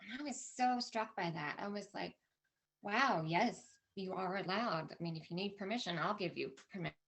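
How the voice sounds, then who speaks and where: A woman's voice: medium pitch, animated, fast, creaky, a bit bright. A middle-aged woman speaking at a conference, telling a personal story with candid emotion and lots of quoted dialogue. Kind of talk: personal story told to an audience. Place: conference stage.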